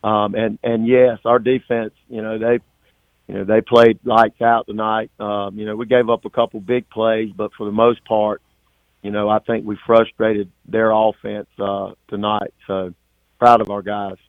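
Gravelly coach on a phone line. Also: male voice, on the low side, little pitch movement, dry recording. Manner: halting, many fillers and restarts. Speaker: high school football coach. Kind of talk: postgame phone interview. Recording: tinny, dry phone line.

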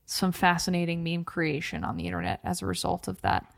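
A woman's voice: on the low side, steady tone, fairly quick, creaky, dry recording, clean studio sound. A woman hosting a podcast who is playful and chatty and steers the talk with questions. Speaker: podcast host. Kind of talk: casual podcast discussion.

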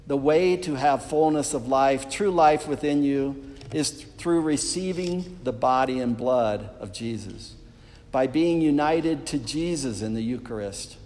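A man's voice: mid-range voice, a little slow, darkish tone. A man delivers an earnest sermon to his congregation, talking straight to the people in the pews. His voice sits in a middle register. It rings out with the long reverb of a church hall. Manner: earnest, addresses the congregation directly. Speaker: preacher.

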